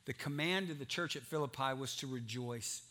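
A man preaching a sermon as pastor, asking the congregation questions and building from quiet teaching to excited emphasis. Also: mid-range voice, moderate pace. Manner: sings a hymn softly.

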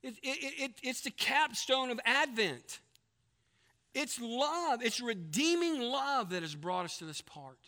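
In an animated, unhurried voice, a man preaches an emphatic sermon built around a long joke. He acts out its characters with big pitch jumps, at times dropping to a soft, hushed delivery.

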